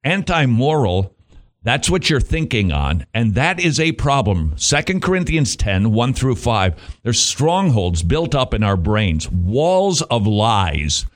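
A man hosting a Christian talk radio show, delivering a jokey, animated monologue with frequent laughs and playful asides. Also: mid-range voice, unhurried.

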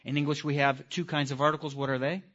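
A man's voice: a little high, fast. Man lecturing a class, dull recording. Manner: lively, asks the audience questions, stresses key words. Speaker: teacher. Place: room with a live audience.

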